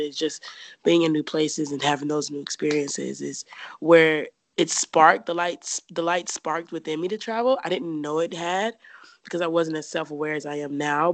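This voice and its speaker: A woman's voice: low-pitched, vocal fry, no room sound. A young woman from the United States casually telling a personal story as an interview guest, chatty, with many fillers and frequent laughs.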